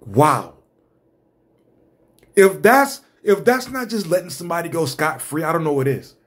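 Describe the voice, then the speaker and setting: Male host, ranting commentary, somewhat high pitch, exasperated and foul-mouthed. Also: lively intonation, a little slow. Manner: blunt, profane, exasperated.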